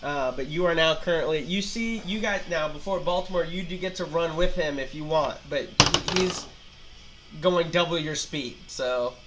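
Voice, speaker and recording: A man's voice: a little high, normal speed, background noise. A man running a tabletop game as game master, explaining moves with hesitant restarts.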